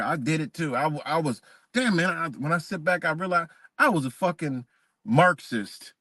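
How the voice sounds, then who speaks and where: A man rambles through a profane live-stream rant. His voice sits a little high and sounds close and dry, with no room around it. He swings between quiet muttering and sudden loud bursts. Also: no room sound.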